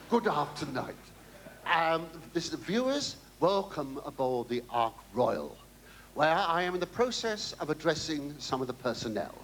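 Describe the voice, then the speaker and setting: A British man delivers a camp, meandering stand-up routine with cheeky asides. His slightly high voice swoops up and down all the time. Loud ambient noise runs under this live recording. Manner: camp, rambling and theatrical, with cheeky asides to the audience. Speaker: comedian entertaining navy crew. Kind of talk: stand-up monologue. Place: aboard a navy ship, before a live audience.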